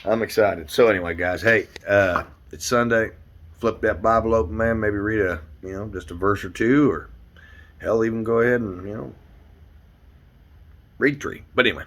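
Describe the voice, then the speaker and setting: A man's voice: on the low side, normal speed, a bit bright. A man, a roofer and hobby car builder, rambling and cursing through a casual workshop vlog from his garage, filmed on a phone. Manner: rambling, profane, frustrated. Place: home garage.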